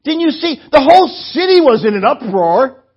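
A man voicing an incredulous male traveler, speaking sarcastically and loudly in a dull lo-fi recording. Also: very high-pitched, sing-song, normal speed, voice pushed up, full character voice. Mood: sarcastic, incredulous. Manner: sarcastic, exasperated, loud.

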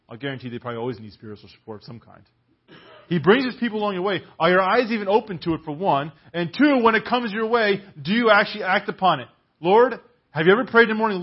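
A man's voice: high voice, breathy edge. A man preaching a sermon in a church, emphatic and full of rhetorical questions, on a dull lo-fi recording.

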